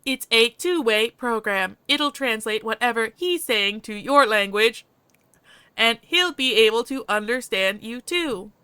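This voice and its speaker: A woman's voice: fairly high pitch, expressive, measured pace, sharp tone, clean tone, dry recording. A woman voicing a sprightly, smug AI companion with a cheerful, self-satisfied manner. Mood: chirpy. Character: sprightly smug AI living in a man's head.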